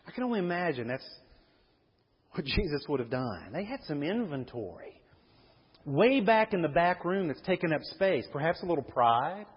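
A pastor preaching a sermon with lively delivery, acting out the voices of Bible figures. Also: male voice, a little high, moderate pace, husky. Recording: dull lo-fi audio with long hall reverb.

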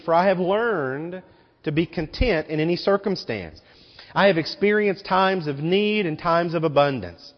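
Animated preaching man in a reverberant church. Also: on the high side. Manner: animated preaching with rhetorical questions. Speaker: pastor. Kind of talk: sermon. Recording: muffled recording with long hall reverb.

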